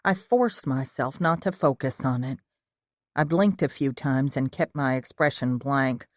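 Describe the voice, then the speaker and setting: A woman narrating a first-person audiobook in a steady, measured reading voice. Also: a bass voice, no room sound, clean studio sound.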